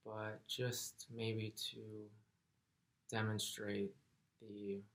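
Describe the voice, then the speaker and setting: A man telling a personal story in a soft-spoken, earnest, reflective way. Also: on the low side, completely flat delivery, very slow. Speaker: vlogger.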